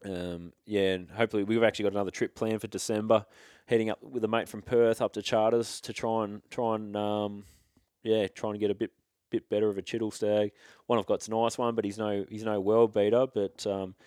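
A man's voice: fairly low pitch, level tone, brisk, a little mellow, no room sound, studio quality. An Australian man chatting casually about his hunting trips, laid-back and rambling with slang and restarts. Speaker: hunting guest. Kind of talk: casual storytelling chat.

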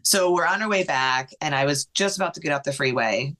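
A woman guest on a podcast telling a personal story in conversation, in an emotional, fast-flowing way with many fillers. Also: deep voice, fairly bright tone.

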